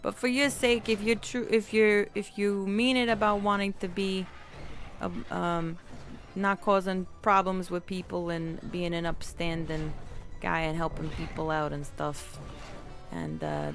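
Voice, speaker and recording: Brief: woman game streamer, rambling and playful, slight vocal fry. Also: lowish voice, level tone, measured pace, soft background music. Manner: rambling, playful, chatty with viewers. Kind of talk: live game stream chat.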